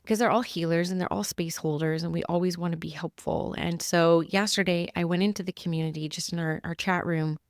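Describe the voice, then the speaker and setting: A woman's voice: lowish voice, steady tone, brisk, few pauses, dry recording, clean studio sound. A woman speaking as a spiritual medium, sharing messages in an earnest, heartfelt, casual podcast talk.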